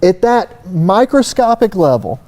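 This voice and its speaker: Casual technical talk comes from a Southern US man on a trade expo stage, a panel guest who is a surface-finishing expert. His high, darkish voice is sing-song and unhurried as he rambles in a folksy way, sprinkling in plenty of "you know."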